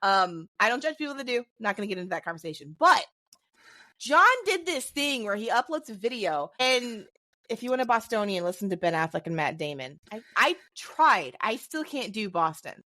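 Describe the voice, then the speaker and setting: A woman co-hosting a podcast in casual chat, animated and self-deprecating. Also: mid-range voice, normal speed, no room sound, studio quality. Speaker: podcast co-host.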